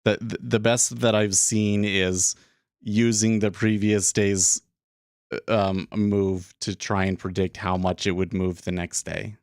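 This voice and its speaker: Guy hosting a trading stream, kinda low voice, restarts a lot, asks "right?" all the time, dry mic. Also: flat delivery, a little slow, no room sound. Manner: thinking aloud, frequent restarts and "right?". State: slightly out of breath. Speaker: day trading livestream host. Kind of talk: casual livestream talk. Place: small closed room.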